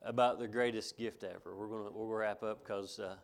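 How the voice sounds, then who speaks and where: A man's voice: fairly low pitch, steady tone, a little fast, gravelly. Folksy man preaching. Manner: folksy, repeats himself, chuckles between points. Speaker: pastor. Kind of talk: sermon.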